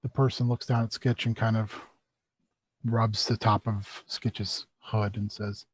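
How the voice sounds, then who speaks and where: A man narrating as game master of a tabletop role-playing session, relaxed and unhurried. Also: lowish voice, slightly rough, no room sound.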